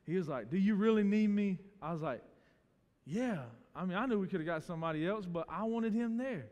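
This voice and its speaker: A pastor tells a story from the pulpit in a relaxed, conversational way and acts out the people he quotes. His voice sits high for a man. The church hall gives it a long, ringing reverb. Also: brisk, muffled recording. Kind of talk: sermon. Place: church sanctuary.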